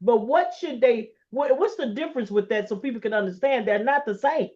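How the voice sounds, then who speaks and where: Interview host, mid-pitched, encouraging, dull lo-fi sound. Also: a little fast, darkish tone. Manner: encouraging, frequent backchannel affirmations. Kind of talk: conversational interview. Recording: muffled lo-fi audio.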